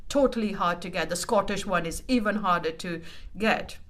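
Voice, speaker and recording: A woman's voice: on the low side, moderate pace. A woman from India, a leadership consultant speaking as a podcast guest, telling her story frankly and directly. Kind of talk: candid interview conversation.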